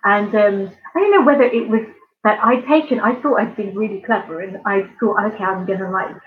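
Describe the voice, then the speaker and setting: A woman's voice: medium pitch, brisk, narrow, tinny audio. A woman from near London with a southern English accent, chatting casually with viewers on a live stream and rambling with lots of ums and giggles. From England, near London. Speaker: art channel host.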